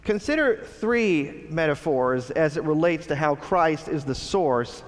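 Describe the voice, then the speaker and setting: Earnest pastor preaching in a reverberant hall. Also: male voice, on the high side, lively intonation, a little slow. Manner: earnest, rhetorical questions to the congregation. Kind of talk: sermon.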